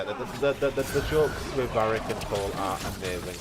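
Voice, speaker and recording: A man's voice: on the low side, brisk, very noisy. A man with a Yorkshire accent chatting casually while streaming a game and reading chat aloud. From North Yorkshire, England. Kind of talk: casual gaming commentary.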